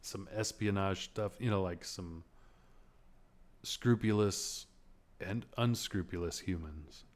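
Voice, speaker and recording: Low-voiced man on a profane rant. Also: slow pace, long pauses. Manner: rambling, profane, sarcastic, laughs often. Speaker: podcast host. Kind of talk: casual movie rant.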